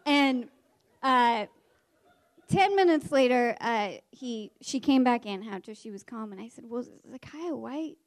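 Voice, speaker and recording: A woman, a former teacher, tells a story from her classroom. Her voice sits a little high. She tells it in a lively, animated way, slipping into the voices of the people in the story. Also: unhurried. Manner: animated, acts out the characters' voices.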